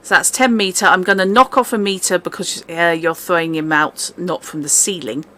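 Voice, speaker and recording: A woman from Britain acting as game master, briskly working through the rules. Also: lowish voice, sharp tone. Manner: brisk, rules-focused, laughs easily. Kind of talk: running a tabletop game.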